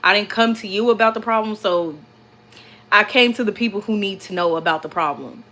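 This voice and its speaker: A young woman vlogger chatting casually to viewers, animated and repeating herself as she tells a story. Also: mid-range voice, brisk.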